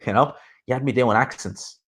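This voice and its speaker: A man's voice: mid-range voice, moderate pace. An Irish man hosting a boxing channel, chatting casually on a live stream, rambling and swearing freely.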